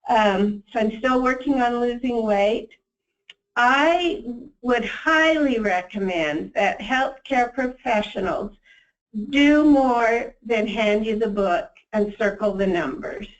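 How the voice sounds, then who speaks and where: A woman's voice: fairly high pitch, expressive, slow pace, distant mic, lo-fi sound. A woman telling her own story as a patient, speaking in an earnest, plain way. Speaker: patient giving a testimonial. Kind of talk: personal testimonial.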